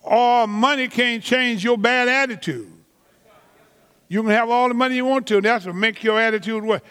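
A man preaching a sermon slowly and emphatically, stretching key words and repeating phrases, with casual everyday grammar. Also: extremely high pitch, a bit bright, clean tone, in a large hall. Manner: slow, emphatic preaching with drawn-out words and repetitions; colloquial vernacular grammar. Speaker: pastor.

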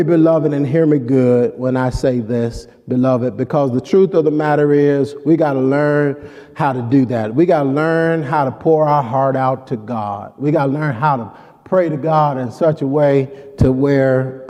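A man's voice: mid-range voice, unhurried, warm tone. A male pastor preaching a sermon, emphatic and calling out to the congregation. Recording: long hall reverb.

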